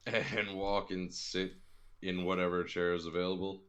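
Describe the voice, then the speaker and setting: A man playing a tabletop game, chatting in quick, wry banter. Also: low-pitched, flat delivery, a bit bright. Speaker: player.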